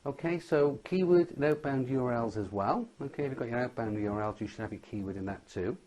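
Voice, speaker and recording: A man's voice: mid-range voice, animated, quick pace, a little mellow, slight background noise. A man giving a tutorial lecture on website ranking, stressing each point and often checking in with "okay?". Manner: emphatic, repeats "okay?" as a check-in. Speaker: SEO instructor.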